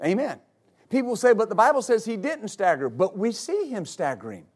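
A male pastor preaching a sermon, rising into repeated, shouted exhortations to his congregation. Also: high voice, very animated, normal speed, slightly rough. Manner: builds to shouted, repetitive exhortation.

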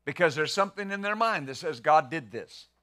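Man, pastor preaching, bright ringing voice, slightly high, conversational, rhetorical questions. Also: expressive, fairly quick. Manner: restarts and repeats words. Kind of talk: sermon.

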